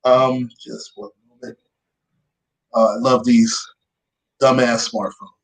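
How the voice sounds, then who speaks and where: A woman's voice: a bass voice, level tone, takes it slowly, low-quality recording. Lady host reading news off her phone, dry sarcastic little asides in between. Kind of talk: reading news aloud with commentary.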